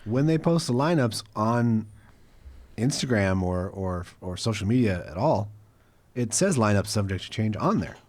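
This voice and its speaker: A man's voice: fairly low pitch, lively intonation, moderate pace, darkish tone. A man co-hosting a casual podcast, making points in a blunt, matter-of-fact way. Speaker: podcast co-host.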